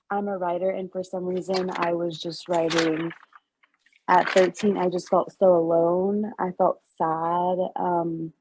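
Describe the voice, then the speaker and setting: Mellow, husky woman healer; halting and emotional, dry lo-fi sound. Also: lowish voice, dry recording. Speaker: class participant and healer. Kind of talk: sharing in a group class.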